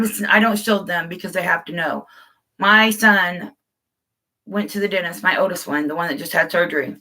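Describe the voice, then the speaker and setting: A middle-aged woman hosts a casual live stream, rambling openly and calling her viewers guys. Her voice sits a little low but sounds bright and forceful. She talks loosely, with restarts and asides to the viewers. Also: low-quality recording. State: tearful at times. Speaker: livestream host.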